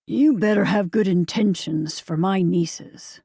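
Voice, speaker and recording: A woman voicing a gruff, protective older mailman who speaks curtly. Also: lowish voice, takes it slowly, dark tone, no echo, clean studio sound, full character voice. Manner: gruff, curt.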